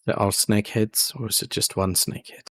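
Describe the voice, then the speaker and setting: A man's voice: fairly low pitch, flat delivery, moderate pace, a bit bright, dry recording, clean studio sound. A man playing his character in a tabletop game who talks in rambling, hesitant phrases full of filler. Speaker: player.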